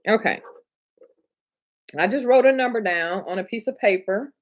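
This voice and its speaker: At normal speed and in a mid-range voice, a Michigan woman aged 30s to 40s talks casually to her livestream viewers. She trains notary signing agents, and she's chatty and warm, engaging with chat, laughing often and sometimes showing emotion.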